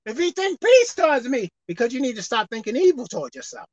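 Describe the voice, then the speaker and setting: Woman preaching, lively pitch, loud exhorting then soft asides, slow scripture reading, dry close sound. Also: no room sound, dull audio. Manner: emphatic, swinging from loud exhorting to quiet asides, slowing to read scripture. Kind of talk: sermon.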